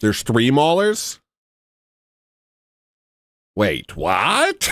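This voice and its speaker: A man's voice: mid-range voice, huge pitch swings, slow, pauses often, no room sound. A man hosting a livestream, reacting to a video with joking, sarcastic commentary and frequent laughter. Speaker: livestream host.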